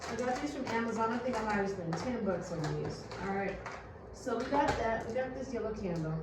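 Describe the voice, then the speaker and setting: A woman's voice: fairly high pitch, animated, brisk. A woman giving a casual how-to chat to her viewers, loose and talkative, calling them "you guys". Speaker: spiritual vlogger. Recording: very echoey room, far from mic, noisy.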